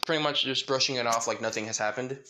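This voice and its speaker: A man's voice: medium pitch, steady tone, quick pace, background noise. A man casually narrating a fan story, rambling with lots of fillers. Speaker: channel host and narrator.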